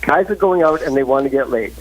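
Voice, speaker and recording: A man's voice: mid-range voice, fast talker, slight background noise, rough recording. A man calling in to a live talk show, giving earnest, opinionated relationship advice with many restarts. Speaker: caller. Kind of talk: phone-in advice chat. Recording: live call line.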